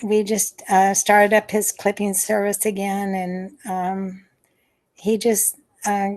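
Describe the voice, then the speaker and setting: In a slow, flat delivery at medium pitch, a former nurse in her later years talks through her memories for an interview conducted by video call. Her speech is tentative and riddled with fillers and restarts, punctuated by soft sighs.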